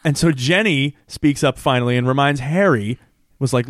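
A man talks through a TV episode with a friend, his voice mid-pitched and close to the mic. The sound is dry, with no room around it. He keeps the story moving and slips into quoting characters as he goes. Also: moderate pace, no echo. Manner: animated retelling, quoting characters. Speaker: podcast co-host. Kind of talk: casual recap chat.

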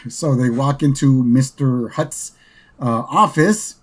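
Husky-voiced man recapping a cartoon episode. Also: mid-range voice, slow. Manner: rambling, with many fillers and "right?" asides. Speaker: podcast host.

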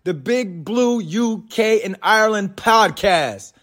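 A man shouting an energetic podcast intro, heard from a distance as a played-in clip. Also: high voice, slow pace, background noise. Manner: hyped, shouted. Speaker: guest intro voice.

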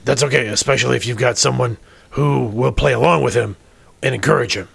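A man playing a gravelly, halting starship crewman. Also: medium pitch, a bit bright, heavily acted. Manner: halting, stammers and restarts. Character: wary male starship crewman, private about his mother. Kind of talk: tabletop role-play.

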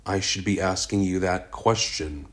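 A calm bearded hermit oracle of middle age, as a man reads him out, deep and very low. He speaks slowly and tersely, taking his time with every word, in a storybook reading. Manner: slow, unhurried, terse.

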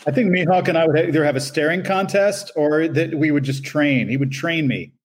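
A man voice actor on a convention panel, easygoing and rambling as he tells stories. His voice sits a touch high for a man. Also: brisk. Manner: laid-back, rambling anecdotes. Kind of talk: casual panel chat.

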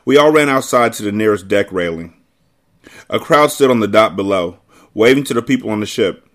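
A man's voice: on the low side, animated, fairly quick, fairly bright tone. A man hosting a podcast, reading a novel aloud and dropping laid-back, conversational asides. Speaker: podcast host.

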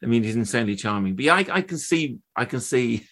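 A man's voice: mid-range voice, animated, fast talker, a bit bright. A man in his fifties, an actor guest from England, telling stories in a chatty, laughing way on a podcast. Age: 50s. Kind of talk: casual podcast chat.

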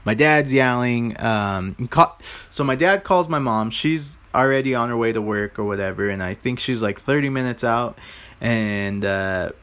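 A man in his own casual podcast, rambling through stories with plenty of fillers and side remarks. His voice sits at an ordinary, middle pitch. He talks straight to his listeners in an easygoing, unpolished way. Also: moderate pace, a bit bright. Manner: rambling, loose and informal, with many fillers and asides to listeners. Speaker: podcast host.

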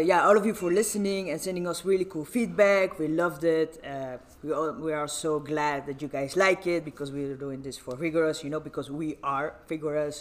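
A young man hosting a casual podcast, rambling and giggly, often cutting himself off mid-sentence. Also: fairly high pitch. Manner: rambling, giggly, self-interrupting. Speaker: podcast host.

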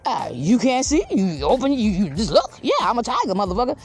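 A woman voicing a big, calm male tiger who mocks small animals in a slow drawl. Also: medium pitch, faint music behind, voice pushed down. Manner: slow, drawling, laughs off threats.

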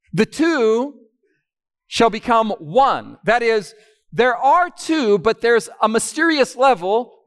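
Lively high-voiced man preaching slowly. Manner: teaching, asks the audience questions. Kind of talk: sermon.

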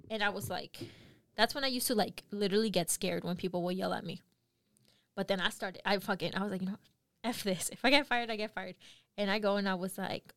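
A young woman co-hosting a podcast, telling work stories in casual chat, animated and laughing often. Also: medium pitch, brisk, dry recording, studio quality. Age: young adult. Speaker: podcast co-host.

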